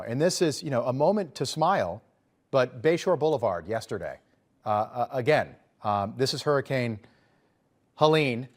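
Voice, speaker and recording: A man hosting a political commentary show, talking in a conversational, emphatic way with sarcastic asides. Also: medium pitch.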